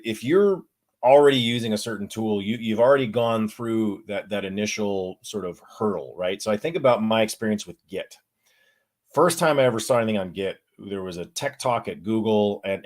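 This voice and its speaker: A man answering audience questions at a conference, candid and self-deprecating, telling personal stories with frequent restarts. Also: lowish voice.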